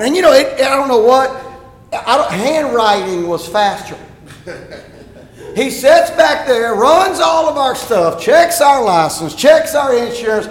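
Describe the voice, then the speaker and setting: A pastor telling a story in his sermon, animated and rising to shouts at times. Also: very high voice, normal speed. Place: church sanctuary. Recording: echoey church hall.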